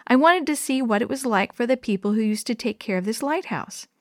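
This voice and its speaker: A woman's voice: fairly high pitch, expressive, a little fast, no room sound, studio quality, close to an everyday voice. A woman voicing an eager, impulsive young boy in a children's storybook reading.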